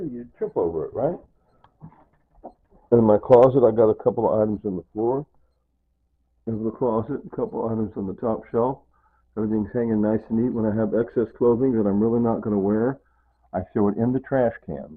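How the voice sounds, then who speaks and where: An older man walks through his small home in a casual, rambling tour. His voice sits low with a husky edge. The sound is thin and phone-like. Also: brisk. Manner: rambling, points things out with "see" and "right?". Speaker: vlogger giving a home tour. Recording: tinny phone-like audio.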